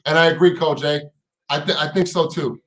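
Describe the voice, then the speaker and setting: A man with a slightly high voice hosts a live stream in an echoey room. He talks in heated, profane bursts, stumbling over repeated words and firing off rhetorical questions. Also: fairly even intonation, fairly quick. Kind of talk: casual live stream chat.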